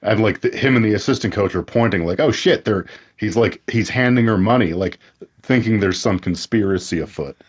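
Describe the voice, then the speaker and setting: Laid-back guy on a podcast, kinda husky, muffled lo-fi audio. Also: on the low side, a little fast. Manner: laid-back, swears casually. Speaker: podcast co-host. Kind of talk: casual movie recap chat. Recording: dull lo-fi sound.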